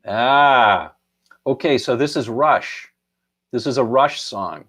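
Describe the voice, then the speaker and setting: A man's voice: medium pitch, expressive, slow pace, a bit bright, slightly rough. A middle-aged man hosting a casual live stream, chuckling often and half-singing song lines as he reads out viewer answers.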